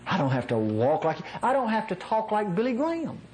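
A nasal-voiced man from North Mississippi delivers a conversational sermon in a homey style. His pitch swings widely as he drives points home, and he laughs easily. A faint hum of background noise sits under the voice. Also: brisk, poor audio. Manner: folksy, chuckling asides, animated emphasis. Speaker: preacher.

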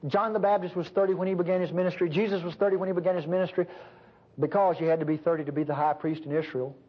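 A man preaching a sermon fervently, swinging between loud emphasis and hushed low passages. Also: steady tone, rapid-fire. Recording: dull lo-fi recording.

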